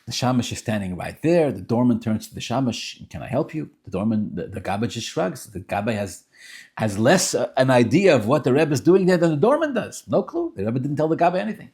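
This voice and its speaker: A man telling a story in an animated, informal way, sprinkling in Yiddish and Hebrew terms. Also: mid-range voice, brisk.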